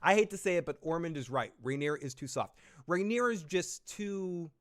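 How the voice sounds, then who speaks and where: A man's voice: fairly high pitch, animated, a little fast, fairly bright tone. A man hosting a live recap stream, chatting casually in a loose, joking, profane way.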